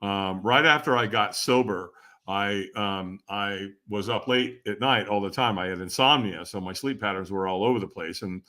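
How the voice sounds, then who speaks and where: A man as a podcast guest, telling a personal story in a casual, animated way, laughing often and acting out what others said. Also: on the low side, moderate pace. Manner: animated, laughs often, acts out quoted voices.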